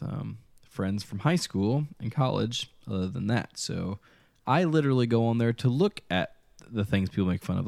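Low, gravelly man on a podcast. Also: a little mellow, dry recording, clean studio sound. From Midwest of the United States. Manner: rambling, hesitant with many ums. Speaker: podcast co-host. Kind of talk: casual chat.

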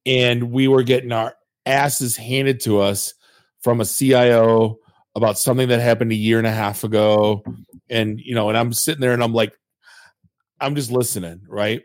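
A man's voice: medium pitch, fairly even intonation, moderate pace, no echo. A man co-hosting a casual chat, telling laid-back anecdotes. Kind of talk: casual storytelling.

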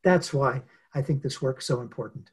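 A man being interviewed as a guest author, telling a story in an earnest, unhurried way with many pauses. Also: mid-range voice, slightly rough. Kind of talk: reflective storytelling in conversation.

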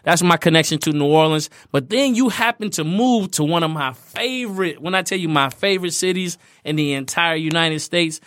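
A man's voice: a little high, normal speed, hardly any pauses, a bit bright, no room sound. A man hosting a podcast who tells stories in a casual, easygoing way, with lots of "man" and "you know.". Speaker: podcast host. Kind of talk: casual conversation.

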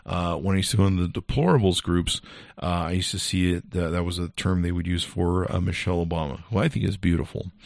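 A man's voice: low-pitched, no echo, studio quality. A male podcast host ranting angrily and profanely in a casual monologue. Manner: angry, profane, animated storytelling.

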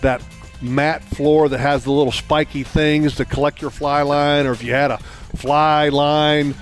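A man co-hosting a casual radio chat, rambling with many restarts and getting excited about food. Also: fairly high pitch, unhurried, soft background music. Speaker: co-host.

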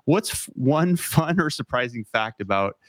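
A man's voice: mid-range voice, animated, a little slow, fairly bright tone, no echo. A man hosting a podcast over a video call, playful and joking with his guests. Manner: playful, jokey. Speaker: podcast host. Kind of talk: casual interview hosting.

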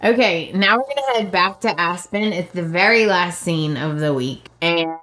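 A woman's voice: fairly low pitch, moderate pace. A woman, casually recapping a soap opera as a podcast co-host and acting out the characters' lines. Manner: animated retelling, acts out characters' lines, laughs often. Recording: echoey room.

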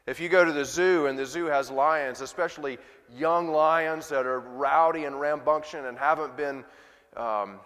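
A man's voice: on the high side, moderate pace, a bit bright. Male pastor preaching in a reverberant church. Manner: conversational preaching with rhetorical questions. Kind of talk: sermon. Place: church sanctuary.

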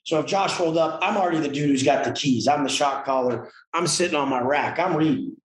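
A man's voice: on the high side, brisk, echoey room, rough recording. A man telling his story as a podcast guest, emphatic, blunt and full of profanity. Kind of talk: casual interview storytelling.

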